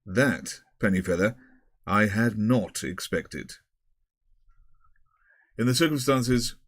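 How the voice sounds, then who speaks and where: A fussy, pompous elderly headmaster, played by a man reading aloud, winds through long formal sentences with small stumbles. The voice sits fairly low and is recorded close and dry, with no room around it. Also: no echo. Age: older. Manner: long-winded, pompous, with hesitations.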